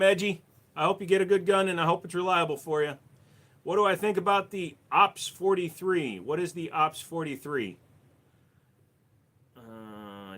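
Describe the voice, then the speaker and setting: A man's voice: on the high side, fairly bright tone. A man with a Minnesota accent, speaking in a slightly raised register. He takes chat questions on a casual livestream and answers them bluntly, with plenty of cussing.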